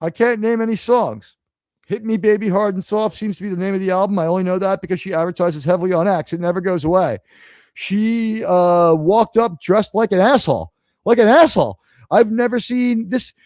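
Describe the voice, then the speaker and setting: Sitting high in pitch with a steady, darkish tone, a New York City man talks briskly while hosting a live stream, with no room sound. It's a casual rant, profane, sarcastic and rambling.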